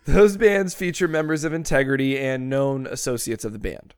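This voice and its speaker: A man co-hosting a podcast in casual banter, crude and quick to get outraged. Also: mid-range voice, fairly even intonation, clear, resonant tone, no room sound, studio quality. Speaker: podcast co-host.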